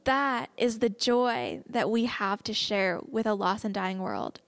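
A woman's voice: medium pitch, unhurried, dry recording. A young woman giving a casual sermon, earnest and conversational, reading scripture and talking it through. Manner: earnest and conversational, slips into excited laughs. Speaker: speaker teaching a Bible message.

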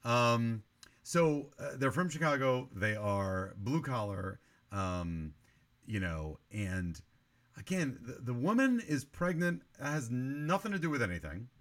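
Animated man breaking down a film. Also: mid-range voice, slow. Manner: analytical, talks in long run-on critiques. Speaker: movie review podcast host. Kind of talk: casual chat.

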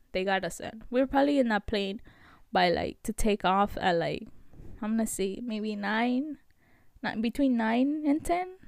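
A young woman hosting a vlog, telling a story in a chatty, animated way with lots of fillers. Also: medium pitch, no room sound, clean studio sound. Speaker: vlog host.

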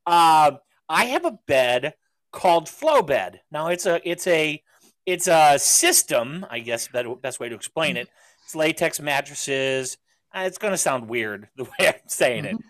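A man's voice: a little high, very animated, unhurried, fairly bright tone, no echo. A man hosting a podcast in casual chat, rambling through stories and laughing often. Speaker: podcast host.

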